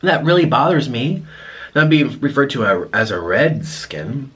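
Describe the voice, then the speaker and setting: A man vlogging to camera, talking in a reflective, apologetic way with many restarts, pausing to eat. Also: mid-range voice, very animated, slightly rough. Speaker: mukbang vlogger. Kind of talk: casual confessional talk to camera.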